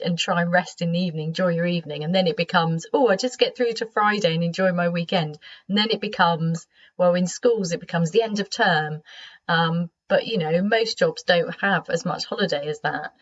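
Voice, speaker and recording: A British woman hosting her own podcast, speaking gently and conversationally in a croaky, sleepy voice. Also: fairly low pitch. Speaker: podcast host. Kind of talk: solo podcast monologue. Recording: slightly dull lo-fi sound.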